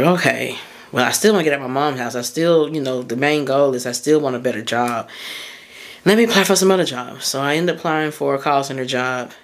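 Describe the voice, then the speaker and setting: A woman hosting a podcast as a mindset coach, talking casually and candidly through personal stories, with loose phrasing and lots of fillers. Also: rumbling low. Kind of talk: casual motivational monologue.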